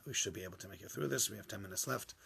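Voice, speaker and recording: A man giving an informal Torah class to a small group, acting out the dialogue and swinging from loud bursts to hushed asides. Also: on the low side, rapid-fire, creaky, breathy edge. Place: small warm room with a few listeners.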